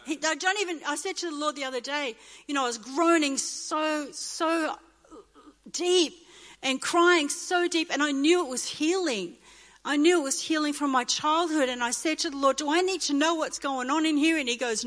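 Woman pastor, fifties, from Australia, high voice, impassioned repetitive preaching, long hall echo. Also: unhurried, fairly bright tone. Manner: impassioned, repetitive preaching with rising emotional bursts. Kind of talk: sermon. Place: church hall.

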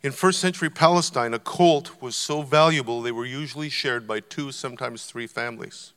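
A man's voice: medium pitch, moderate pace, fairly bright tone, smooth. An older man preaching a sermon to a congregation, conversational and emphatic, urging them on. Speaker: guest preacher. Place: church auditorium. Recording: long church hall reverb.

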